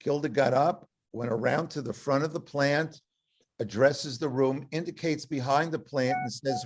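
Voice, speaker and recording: A man in his seventies, an author telling a comic story to an audience in an animated, self-deprecating way. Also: mid-range voice, normal speed.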